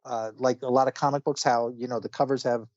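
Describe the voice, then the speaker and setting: Male podcast co-host, middle pitch, rambling plot summary, slightly dull, dry recording. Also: steady tone, quick pace, a little mellow, no room sound. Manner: rambling plot recap with fillers. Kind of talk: casual comic review chat.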